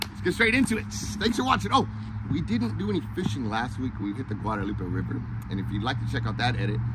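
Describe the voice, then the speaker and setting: A man's voice: a little high, noisy background. A laid-back man vlogging about skateboarding in casual chat, filmed outdoors at a skate spot on a handheld camera. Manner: laid-back, says dude a lot.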